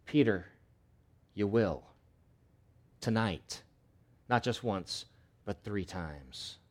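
A preacher speaking as a calm, solemn male teacher in a firm, quiet voice. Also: fairly low pitch, extremely slow, heavily acted.

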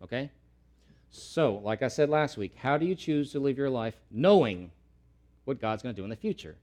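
Speaking at normal speed with medium pitch and lively intonation, a pastor delivers an earnest sermon. He repeats key words to stress them, and his voice rises loud when quoting pleas.

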